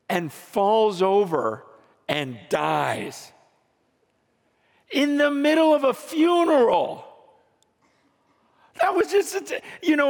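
A man preaching a sermon as he tells a story, swinging from hushed lines to shouts. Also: very high-pitched. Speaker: pastor. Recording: long reverb of a large hall.

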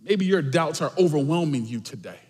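A pastor preaching with emphatic swings between loud, shouted lines and soft asides. His voice sits high for a man, and it rings out through a reverberant church hall. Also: lively intonation, brisk. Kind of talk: sermon.

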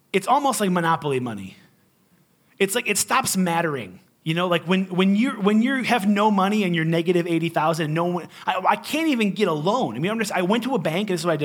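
A male pastor preaching in a conversational storytelling style, animated and joking, with emphatic swings between loud and quiet. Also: a little high. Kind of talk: storytelling sermon.

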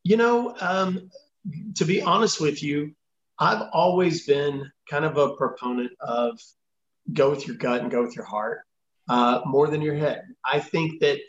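A man's voice: a little high, measured pace, reverberant, lo-fi sound. A man on a podcast as a consumer advocate guest, explaining scams at length and acting out the callers' lines, with many fillers. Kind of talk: podcast interview answers.

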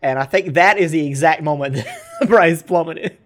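A man's voice: on the high side, moderate pace. A man co-hosting a casual podcast chat, sarcastic and joking, often laughing as he talks. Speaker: podcast co-host.

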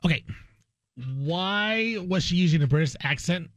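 A man hosting a sports radio show, telling a story in an animated, joking way. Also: sits high, moderate pace, dry recording. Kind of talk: casual sports radio chat.

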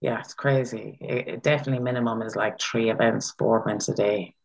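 A guest telling personal stories in casual conversation, chatty and animated, with frequent fillers. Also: mid-range voice, brisk, gravelly, poor audio. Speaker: interview guest, Pride chairperson.

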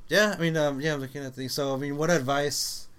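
A man's voice: on the high side, fairly even intonation, a little fast, fairly bright tone, clear, resonant tone. A man in his thirties chatting as a podcast co-host, rambling and hesitant, searching for his words. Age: 30s. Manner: rambling, hesitant, full of restarts. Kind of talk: casual chat.

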